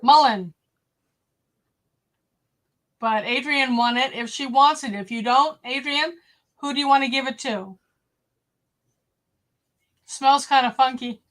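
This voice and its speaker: Chatty woman, livestream host, slightly high voice, friendly direct address to viewers. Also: unhurried, long pauses, fairly bright tone. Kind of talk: casual live-stream chat.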